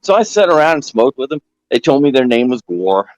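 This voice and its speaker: A man telling a long story in casual chat, rambling and animated, jumping up in pitch when he quotes people. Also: a little fast, no room sound, lo-fi sound.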